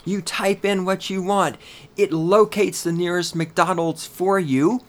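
A man hosting his own podcast in a solo rant, swearing heavily and talking in a loud, heated way. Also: steady tone, a little slow. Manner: profane, ranting, heavy swearing; loud and heated, then lower and grumbling. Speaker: podcast host.

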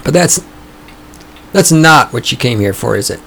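A man hosting his own podcast, talking in a sarcastic, profane, ranting way, his voice starting to go hoarse. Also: mid-range voice, expressive, normal speed, a bit bright, a little hiss or hum. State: voice going hoarse. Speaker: podcast host. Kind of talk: casual opinionated podcast monologue. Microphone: studio microphone.

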